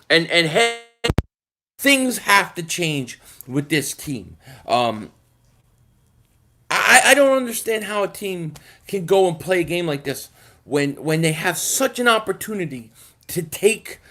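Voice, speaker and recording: Philly-male fan host, high-pitched, exasperated, stammers through a live rant. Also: a bit bright. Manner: frustrated, repetitive, stammering restarts. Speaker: sports fan channel host.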